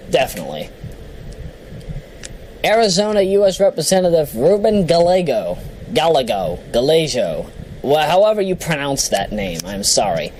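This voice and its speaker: A woman's voice: fairly low pitch, a little mellow, slight background noise, rough recording. A woman vlogger chatting casually as she reads down a list, joking at her own expense and apologizing for her mispronunciations. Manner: chatty, self-deprecating, giggly, apologizes for mispronunciations. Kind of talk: casual solo commentary, reading down a list.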